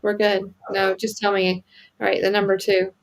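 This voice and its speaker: A woman with a gravelly, creaky edge joins a casual chat with short agreeing remarks. She sounds like she is on a video call. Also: mid-range voice, flat delivery. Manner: quick agreeing interjections.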